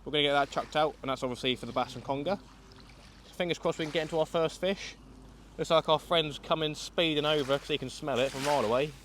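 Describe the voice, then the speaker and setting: Chatty English angler vlogging outdoors. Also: male voice, fairly high pitch, fast talker, a bit bright, slight background noise. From England. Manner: chatty, explains each step to viewers. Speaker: angling vlogger. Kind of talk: fishing vlog commentary. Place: outdoors by a river.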